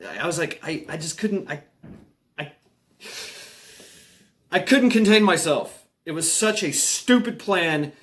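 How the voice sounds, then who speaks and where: Halting man telling an army story. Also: a little high, fairly bright tone, a little hiss or hum. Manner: halting, many restarts and fillers, chuckles often. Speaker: military veteran storyteller. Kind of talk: casual spoken anecdote.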